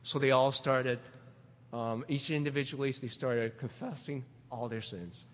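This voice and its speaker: A middle-aged man preaching a sermon, animated, asking rhetorical questions and repeating words as he builds his points. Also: mid-range voice, unhurried. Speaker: pastor. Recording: dull recording with long hall reverb.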